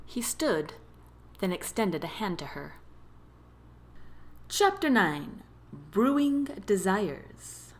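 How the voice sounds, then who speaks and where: A woman narrating a romance novel as an audiobook, with expressive storytelling. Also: medium pitch, takes it slowly, long pauses. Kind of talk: scripted narration.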